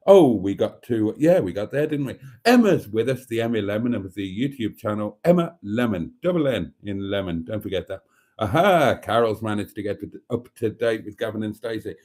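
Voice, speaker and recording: Mellow-voiced man hosting a livestream. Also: lowish voice, expressive, normal speed. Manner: chatty, affectionate, reads viewer comments aloud. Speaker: livestream host. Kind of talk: casual livestream chat.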